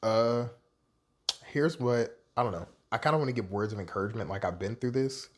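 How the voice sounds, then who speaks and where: A man's voice: lowish voice, fairly quick. A young adult man vlogging in a candid, rambling, self-deprecating way. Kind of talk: casual personal vlog monologue.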